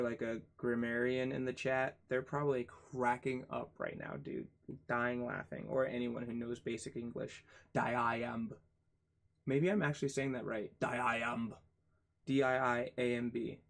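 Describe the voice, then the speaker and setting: A man reads a textbook aloud at an unhurried pace, stopping to spell difficult terms letter by letter. His tone is casual, and he drops in self-mocking asides between the entries. It plays as a relaxed read-along lesson. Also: mid-range voice. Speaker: channel host reading a book aloud.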